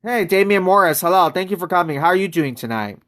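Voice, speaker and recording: A man's voice: high-pitched, expressive, quick pace, fairly bright tone. A man streaming a mobile basketball game, chatting casually and greeting viewers from chat.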